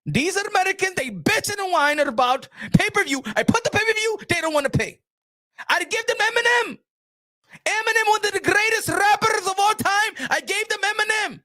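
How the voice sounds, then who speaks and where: A man doing an impression of a boastful, rich male boxing promoter, shouting and swearing in exasperation. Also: very high voice, animated, fairly quick, pitched above the performer's own voice, heavily acted. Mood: exasperated.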